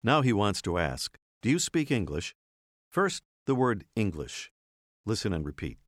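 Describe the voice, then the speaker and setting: A man narrates a language lesson in a clear, measured way. His voice sits fairly low but rises and falls a great deal. The recording is dry and close. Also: big pitch swings, dry recording. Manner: clear, measured teacher's delivery. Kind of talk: scripted instructional narration.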